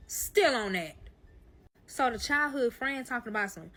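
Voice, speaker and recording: A woman's voice: a little high, animated, moderate pace, bright, forceful tone. A woman telling a personal story in a casual monologue, swearing a lot and talking straight to her listeners as y'all. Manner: profane, emphatic, addresses listeners as y'all.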